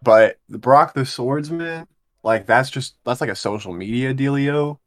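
A man's voice: medium pitch, unhurried. A man co-hosting a podcast, chatting casually with short, laid-back reactions. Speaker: podcast co-host. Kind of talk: casual chat.

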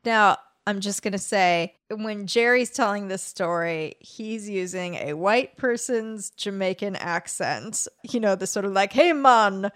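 A woman co-hosting a podcast, casually retelling a story with lively quoted voices and frequent laughter. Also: mid-range voice, a little slow, few pauses. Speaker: podcast co-host.

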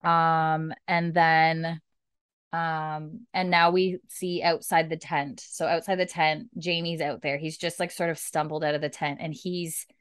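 A woman's voice: deep voice, flat delivery, a little slow, smooth, no echo, clean studio sound. A woman casually recapping a TV episode, acting out the characters' lines as she goes. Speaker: podcast co-host recapping a TV episode. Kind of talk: casual chat.

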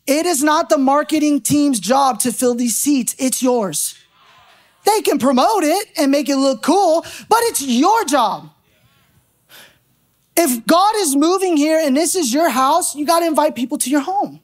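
Woman preacher, brisk storyteller, laughs easily, slightly high voice, church sermon. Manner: animated storytelling, laughing, conversational. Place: church sanctuary.

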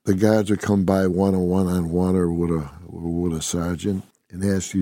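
A man's voice: deep voice, flat delivery, moderate pace, hardly any pauses, dark tone, no echo, studio quality. An older man from upstate New York, a former prison inmate telling his story in a blunt, rambling, constantly swearing way. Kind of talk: casual profane storytelling.

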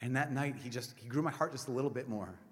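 Man, middle-aged priest, sermon, animated storytelling, loud to hushed, long hall reverb. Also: mid-range voice, quick pace.

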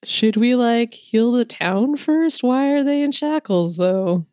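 A woman's voice: fairly high pitch, lively intonation, slow pace, warm tone, smooth, dry recording, clean studio sound. A woman playing a tabletop game, chatting casually with frequent giggles. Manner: giggly, amused. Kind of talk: casual play chat.

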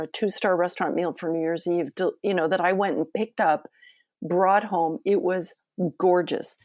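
A woman's voice: lowish voice, darkish tone, no room sound, clean studio sound. A woman talking as a podcast guest, chatty and effusive, with many fillers. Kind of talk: casual conversation.

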